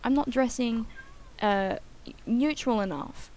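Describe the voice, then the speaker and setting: A woman's voice: on the high side, takes it slowly, a little mellow, a little hiss or hum, low-quality recording. A young woman in casual chat while gaming, rambling and opinionated, full of "like" and "um". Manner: chatty and rambling, frequent "like" and "um"; blunt and opinionated. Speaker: gaming channel co-host.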